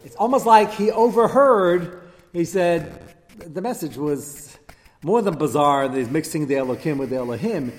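A man giving a Torah class lecture, taking questions and acting out the quotes he reads with quick asides. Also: on the high side, animated. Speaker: rabbi teaching a class. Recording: reverberant hall with faint background noise.

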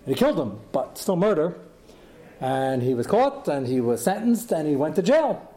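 Man, fairly high voice, animated Torah class teacher telling stories, Hebrew terms, quick asides.

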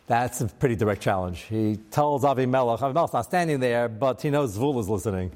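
A man's voice: medium pitch, lively intonation, fairly quick, hardly any pauses, big-room sound. A man teaching a scripture lesson, chanting verses aloud and then explaining them in casual, wry asides, with an American accent. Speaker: Torah teacher. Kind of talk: text study lesson.

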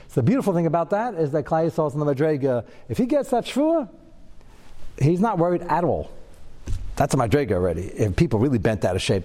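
Guy teaching a torah class, mellow voice, lively, jumps way up high acting out quotes, long hall echo. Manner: animated, acts out quoted lines with sudden high pitch.

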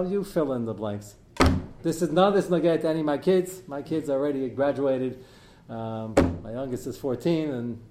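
A middle-aged man teaching a live class as its rabbi, animated and joking, with many fillers as he digresses. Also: mid-range voice, reverberant. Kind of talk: live lecture to an audience.

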